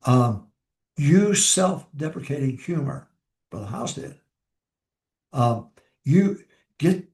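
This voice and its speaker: A man's voice: medium pitch, very animated, takes it slowly, long pauses, darkish tone, echoey room. An older man, a pastor, giving informal advice on preaching and repeating his key lines for emphasis.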